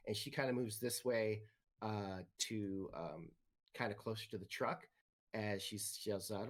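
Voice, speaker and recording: A man running a tabletop game as game master, talking in a relaxed way with many ums and uhs. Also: lowish voice, measured pace.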